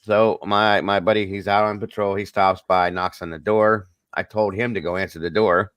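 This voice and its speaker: A man's voice: on the low side, little pitch movement, normal speed, a bit bright, clean tone, no room sound, muffled recording. A middle-aged man hosting a casual livestream chat, telling a personal story earnestly and talking straight to his viewers. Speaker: host.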